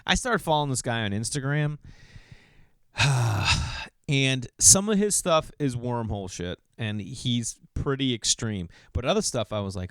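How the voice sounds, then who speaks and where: Rambling middle-aged man, smooth dry voice. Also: medium pitch, lively intonation, moderate pace, a bit bright, no echo. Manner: loose, digressive, comedic storytelling. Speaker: podcast host. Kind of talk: rambling solo podcast monologue.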